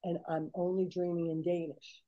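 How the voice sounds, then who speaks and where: An older woman telling stories in a casual, animated chat, acting out the people she quotes. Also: lowish voice, moderate pace, dull audio. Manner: animated, chatty, acts out quoted voices. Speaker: guest.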